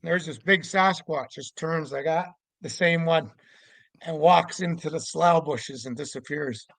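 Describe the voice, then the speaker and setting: Middle-aged male storyteller, gravelly, lively, acts out the shouting, dry recording. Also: a little high, unhurried, dry recording, rough recording. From Canada. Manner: animated, acts out voices with loud shouts. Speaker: guest storyteller, Sasquatch investigator. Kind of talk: casual storytelling.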